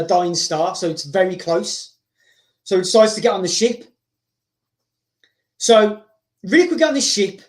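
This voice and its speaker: A man hosting, rambling excitedly through a story told casually, with frequent repeats and restarts. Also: sits high. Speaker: host. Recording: roomy echo.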